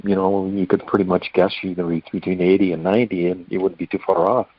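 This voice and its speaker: A man's voice: sits low, little pitch movement, fast, no room sound. An older man, a guest in an interview, telling a rambling, folksy story. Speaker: hospice volunteer guest. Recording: dull lo-fi dry recording.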